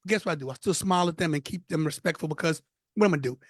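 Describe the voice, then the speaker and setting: New york guy in his 50s, fired up storytelling, kinda high voice, dry close sound. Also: rapid-fire, no echo. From Brooklyn, New York. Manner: animated, emphatic storytelling with repeated phrases. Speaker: podcast guest, former wrestler. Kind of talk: casual interview chat.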